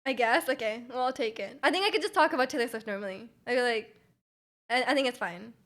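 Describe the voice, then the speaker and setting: A woman's voice: on the high side, fast talker, a bit bright. A young Canadian woman streaming live, chatting casually with her viewers, giggling and rambling with many restarts.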